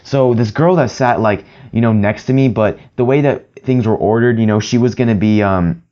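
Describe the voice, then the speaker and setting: A man's voice: lowish voice, moderate pace, mellow, lo-fi sound. Rambling, swearing young man vlogger. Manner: rambling, profane, heavy filler words. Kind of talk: casual storytelling to camera.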